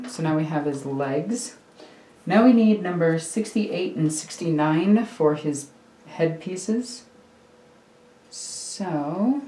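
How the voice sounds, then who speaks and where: This woman has a low, dark voice, heard in an echoey room. She's a miniature hobby streamer rambling in a chatty, self-mocking way as she builds a model at home, with a faint computer hum in her hobby room.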